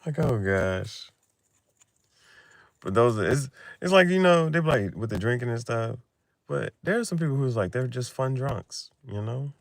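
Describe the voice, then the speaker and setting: A young man talking casually late at night in loose slang, laughing often and swinging between loud bursts and mumbles. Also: medium pitch, expressive, measured pace, creaky, no echo. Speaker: vlogger.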